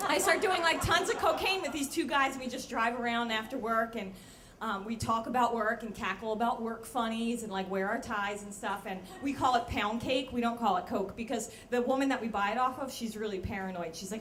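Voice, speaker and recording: A woman's voice: fairly high pitch, brisk, fairly bright tone, slight background noise. A young adult woman telling a comic true story live, animatedly acting out the voices of people she quotes.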